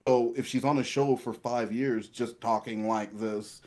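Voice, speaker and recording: A man's voice: medium pitch, steady tone, measured pace, a little mellow. A man giving casual commentary over an old TV show, rambling through trivia with casual swearing. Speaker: co-host of a watch-along.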